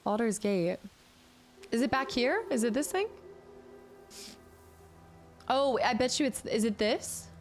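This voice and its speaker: A woman's voice: on the high side, animated, slow, pauses often, soft background music. A woman in her late twenties chatting casually on a gaming livestream, talking with her chat and laughing often. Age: late 20s. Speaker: streamer.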